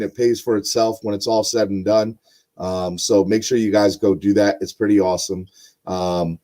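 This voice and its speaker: A man's voice: fairly low pitch, mellow. A young man hosting a casual sports podcast, rambling with lots of ums and uhs. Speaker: podcast host.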